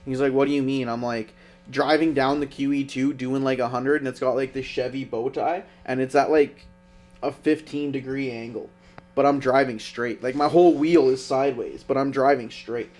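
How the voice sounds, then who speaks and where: A man's voice: mid-range voice, normal speed. A young man, a podcast co-host, telling a profane road story in casual chat. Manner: profane, animated anecdote telling.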